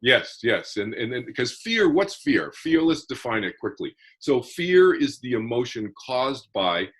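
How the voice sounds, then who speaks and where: A man with a husky, slightly rough voice at a middle pitch, talking as a guest in a casual interview. He explains things earnestly and methodically, stumbling into repeated restarts as his thoughts gather. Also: sing-song, unhurried, a bit bright.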